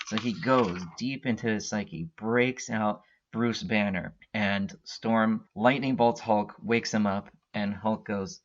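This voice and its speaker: A man's voice: on the low side, steady tone, measured pace, few pauses, slight background noise. A man hosting a casual comic book recap, retelling the story in a rambling way with many fillers. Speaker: comic book podcast host. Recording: dull lo-fi recording.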